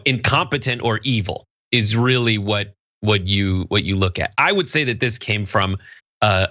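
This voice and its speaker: A man's voice: fairly low pitch, bright, forceful tone, no room sound, dull audio. A man co-hosting a political commentary show, rambling and joking as he talks. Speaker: co-host.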